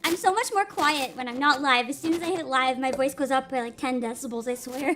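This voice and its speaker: A woman's voice: sits high, brisk, very noisy. A woman hosting a live stream, chatting casually and giggling often. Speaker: streamer host.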